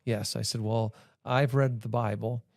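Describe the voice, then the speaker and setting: A man hosts a church talk show, rambling loosely and leaning on fillers as he makes his points. His voice has a gravelly edge at a middle pitch. The recording is dry and close. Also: fairly even intonation, unhurried, no room sound. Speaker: podcast host. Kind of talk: casual podcast conversation.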